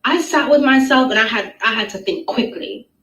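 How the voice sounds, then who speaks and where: A woman telling a personal story in an animated, dramatic and profane way. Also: a little high, moderate pace. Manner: dramatic, breathless, frank and profane. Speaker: storyteller in a played clip. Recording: roomy echo, distant mic, faint noise.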